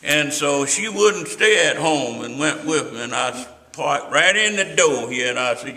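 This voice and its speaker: A man's voice: fairly high pitch, animated, a little slow, few pauses, sharp tone. An older man, telling rambling stories with asides to his listener in an oral history interview. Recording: roomy echo.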